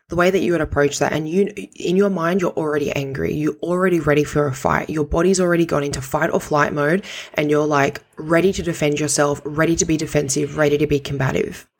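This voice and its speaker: A woman's voice: sits low, steady tone, fast talker. A woman hosting a podcast, giving direct, practical coaching advice in a conversational way and swearing casually now and then. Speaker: podcast host.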